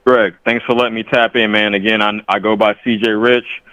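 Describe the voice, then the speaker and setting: Chatty male caller from the Bay Area, lowish voice, muffled dry line. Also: flat delivery, a little fast, sharp tone, clean tone, dry recording. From Bay Area, California. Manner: chatty, polite, filler-heavy. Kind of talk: casual call-in chat.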